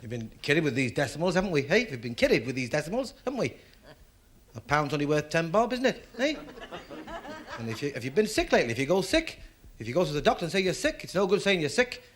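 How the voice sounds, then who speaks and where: A man's voice: on the high side, sing-song, fast talker, a bit bright. A man doing stand-up, grumbling in conversational asides to the audience. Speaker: stand-up comedian. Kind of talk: stand-up routine.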